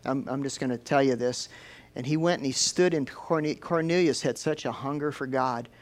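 A man preaching a sermon in a folksy, lively storytelling way. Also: medium pitch, moderate pace.

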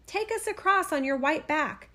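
Woman voicing a high, pleading little girl. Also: lively intonation, normal speed, pushed and bright. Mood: eager. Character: frightened but clever young girl. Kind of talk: storybook reading.

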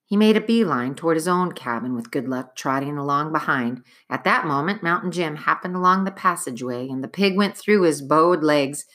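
A woman narrating a chapter book aloud in an expressive, dramatic storytelling manner. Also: deep voice, moderate pace, few pauses.

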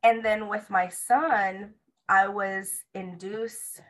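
A woman's voice: medium pitch, slow, poor audio. A young woman tells viewers the story of her labor in a casual, chatty way. She keeps acting out the lines of the nurse, the doctor and herself as she goes. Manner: animated retelling, acts out quoted dialogue. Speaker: mother sharing her birth story.

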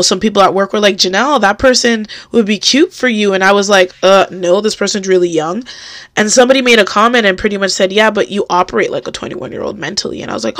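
A woman's voice: medium pitch, a bit bright, no room sound, studio quality. A young woman hosting a podcast, speaking candidly and emphatically about her faith and personal struggles. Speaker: podcast host.

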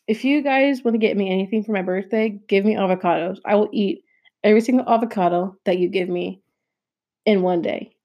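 A woman's voice: medium pitch, creaky, darkish tone. A teenage girl hosting her own podcast, rambling casually with lots of fillers and self-deprecating asides. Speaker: podcast host. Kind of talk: casual solo podcast chat.

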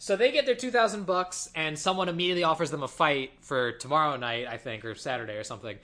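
A man casually retelling a movie plot to a co-host, animated and quoting the characters as he goes. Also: fairly high pitch, heavy background noise. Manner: animated storytelling, quoting characters in quick voices. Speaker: podcast co-host. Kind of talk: casual movie recap chat.

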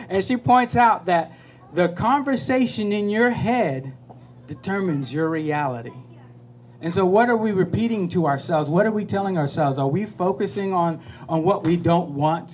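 A man hosting a podcast, telling a motivational story in a lively, animated way and acting out the voices. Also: high-pitched, normal speed, slight background noise. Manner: animated, acts out voices, laughs at his own story. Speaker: podcast host.

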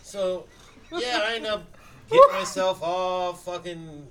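A man appearing as a podcast guest tells stories in a casual way, his voice high-pitched, very animated, and slow. He swears freely and laughs as he goes. He is off-mic, with faint background noise.

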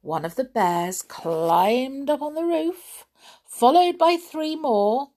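A woman reading a children's story aloud in an expressive way, pausing to chat with her young listeners. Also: sits high.

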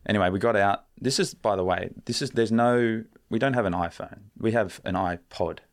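Low, gravelly young man. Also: normal speed. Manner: rambling, laid-back, sprinkled with swearing and fillers. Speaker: podcast guest. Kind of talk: casual storytelling.

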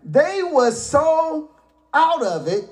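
A male pastor delivering a sermon in a lively, swooping voice that rises into shouts for emphasis. He takes his time and lets the phrases land slowly, paraphrasing scripture in plain, folksy words. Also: very high-pitched. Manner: animated preaching with sudden shouted emphasis.

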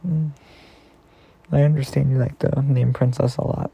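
Gravelly man reading a bedtime story. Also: medium pitch, fairly even intonation. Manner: gentle, affectionate, slow reading.

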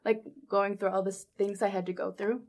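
A young adult woman recounting a personal story in a casual interview, animated, with lots of fillers and quoted dialogue. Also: medium pitch, a little fast. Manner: animated, laughs often, many fillers like 'um' and 'like'; acts out quoted dialogue in her own voice. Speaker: guest telling her story.

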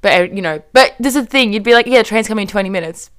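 A woman's voice: medium pitch, racing, clean tone. A young woman hosting a casual podcast chat, telling a story with lots of swearing and acted-out quotes. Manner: lively, swears often, acts out quoted speech. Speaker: podcast host.

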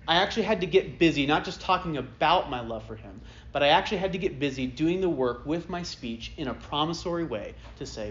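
A man's voice: a little high, lively intonation, quick pace, fairly bright tone. Chatty preacher man, lo-fi recording. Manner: conversational, self-deprecating storytelling with frequent "like" and "right?". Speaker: pastor. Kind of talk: sermon. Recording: dull lo-fi sermon recording.

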